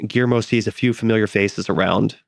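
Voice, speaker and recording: A man narrating a tabletop game as game master, in a relaxed, descriptive way. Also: fairly low pitch, fairly quick, vocal fry, dry recording, clean studio sound. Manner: relaxed, descriptive, laughs easily.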